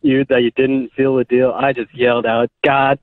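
A man's voice: medium pitch, level tone, normal speed, no room sound. A man calling into a radio show, ranting in exasperation at the co-host. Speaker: caller. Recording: tinny, dry phone line.

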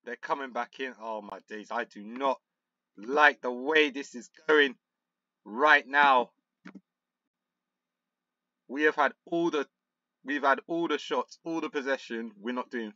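A young man commentating on a football management game, frustrated and excitable, muttering one moment and shouting the next. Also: mid-range voice, measured pace, pauses often, no room sound, muffled recording. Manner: frustrated, excitable, swings between muttering and outbursts. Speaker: gaming YouTuber.

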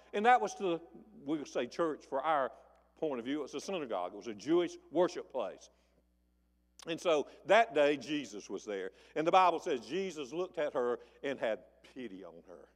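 A man's voice: expressive, moderate pace, in a large hall. A man preaching a sermon, telling the story in a folksy way and acting out the voices of the people in it. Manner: folksy storytelling, acting out voices with big swings in pitch and volume. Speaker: pastor. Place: church sanctuary.

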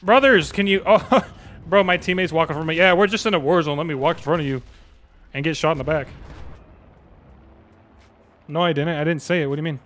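A young man streaming a game live, chatting to viewers in slang and bursting into excited yells. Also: fairly high pitch, fast, pauses often.

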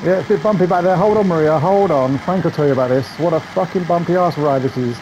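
A man's voice: a little high, quick pace, darkish tone, poor audio. A man hosting a gaming channel, giving chatty, profane, grumbling let's-play commentary. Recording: game engine noise behind voice.

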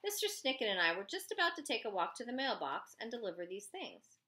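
A woman voicing a polite, quick-thinking young woman in an audiobook. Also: fairly high pitch, big pitch swings, bright, forceful tone, pitched above the performer's own voice. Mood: calm.

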